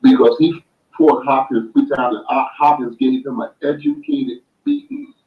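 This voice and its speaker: A man's voice: mid-range voice, very animated. Man with muffled audio, emphatic explainer. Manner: slow emphatic explaining, makes points with sayings. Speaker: boxing guest. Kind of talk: casual chat.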